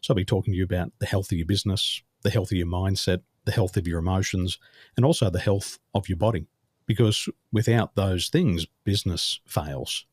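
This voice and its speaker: A man with an Australian accent, a business coach answering interview questions in a measured, deliberate way. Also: low voice, husky, dry recording, studio quality. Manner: measured, deliberate delivery, speaks slowly on purpose.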